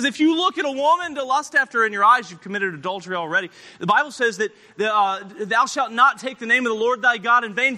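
High bright-voiced man preaching in a hall. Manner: earnest, emphatic, with repeated restarts. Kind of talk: sermon to children and youth. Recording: long hall reverb.

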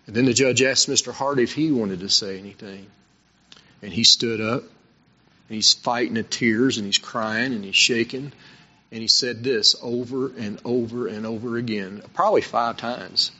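A man's voice: medium pitch, normal speed, bright, forceful tone, slightly rough. A man preaching a sermon, telling his own story earnestly and with emphasis. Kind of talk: sermon with personal testimony. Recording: dull lo-fi recording.

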